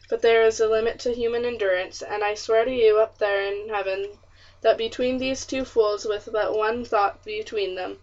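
A woman's voice: fairly high pitch, lo-fi sound, close to an everyday voice. A woman reading the part of a stern, short-tempered colonial father who scolds and blusters in old-fashioned speech. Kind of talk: audiobook character reading.

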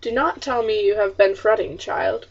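A woman voicing a calm, reassuring colonial father who explains things in a steady, measured way. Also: medium pitch, vocal fry. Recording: distant, muffled audiobook recording.

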